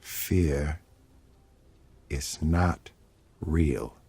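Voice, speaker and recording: An actor playing a stern adult commander and father, speaking film dialogue in a slow, grave, deliberate way. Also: rumbling low, vocal fry, dark tone, breathy edge, full character voice. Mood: solemn.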